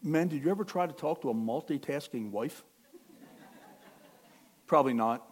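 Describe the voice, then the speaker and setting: A middle-aged man preaching a sermon in a conversational way, with asides and restarts, swinging from quiet to near-shouting. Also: on the high side, expressive, normal speed, slightly rough. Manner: self-correcting, conversational with asides. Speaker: pastor.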